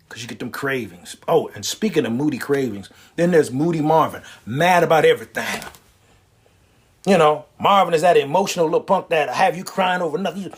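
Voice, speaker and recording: A husky-voiced man telling a stand-up comedy story with lots of wisecracks. His pitch swings widely as he builds up jokes in a loose, animated way. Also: fairly quick. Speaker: comedian and prostate cancer survivor.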